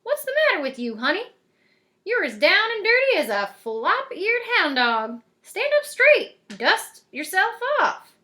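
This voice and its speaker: Brisk old frontier fairy godmother, folksy drawl, high and bright, a woman putting her on. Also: big pitch swings, exaggerated voice. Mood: bossy. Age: older.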